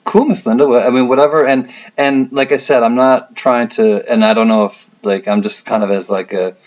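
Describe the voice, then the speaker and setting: A man's voice: medium pitch, fairly even intonation, moderate pace, dull audio. A man hosting a casual livestream, reading out viewer comments and rambling with a laid-back, laughing manner. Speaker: livestream host.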